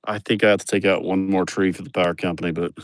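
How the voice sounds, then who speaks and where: A man rambles through a crude, joking tour of his farm. His voice sits a bit low, and the sound is dry and close. He talks casually into a phone camera outdoors. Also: fairly even intonation, fast talker, no room sound. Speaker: vlogger showing his farm. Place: outdoors on rural farmland.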